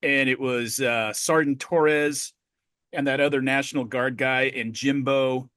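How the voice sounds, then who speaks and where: A middle-aged man co-hosting a podcast, telling a story in a profane, animated way. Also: medium pitch, a little slow, no echo, clean studio sound. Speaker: podcast co-host. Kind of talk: casual podcast chat.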